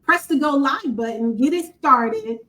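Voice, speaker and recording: High-voiced woman, emphatic and animated. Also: measured pace, slight background noise, rough recording. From Buffalo, New York, USA. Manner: animated, emphatic, preacher-like cadence with frequent laughs. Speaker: podcast host. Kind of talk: heartfelt conversational testimony.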